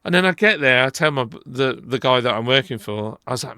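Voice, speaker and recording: Gravelly, bright-voiced man telling stories. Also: medium pitch, brisk, few pauses, no echo, clean studio sound. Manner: animated storyteller, acts out quoted dialogue, frequent restarts. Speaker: podcast co-host. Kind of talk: casual storytelling chat. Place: podcast studio.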